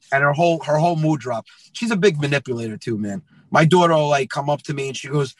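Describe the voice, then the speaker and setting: A man in his thirties, a comedian telling stories in a lively way and acting out dialogue. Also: on the high side, fast talker, hardly any pauses, no room sound, poor audio. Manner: lively, acts out dialogue, says "man" often. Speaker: comedian guest. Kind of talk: animated podcast storytelling.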